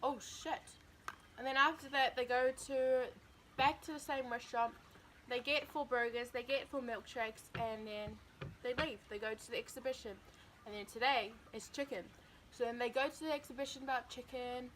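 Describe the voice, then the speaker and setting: A young woman spins a rambling story while eating on camera, her voice sitting high. She talks in a casual, playful way. A faint room hum runs under her voice. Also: fairly even intonation, normal speed, a bit bright. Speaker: vlogger. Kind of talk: mukbang story time.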